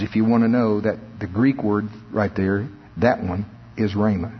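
A preacher man delivering a sermon in a long-echoing church hall. His voice is slightly husky, and the lo-fi recording dulls it a little. He pushes into emphatic high swells and chuckles between his points. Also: fairly even intonation, normal speed.

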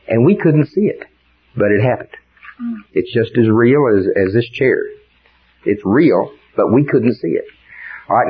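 A man's voice: on the low side, breathy edge. An older man preaching a sermon in a folksy storytelling way that rises into fervent preaching. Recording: dull lo-fi sound.

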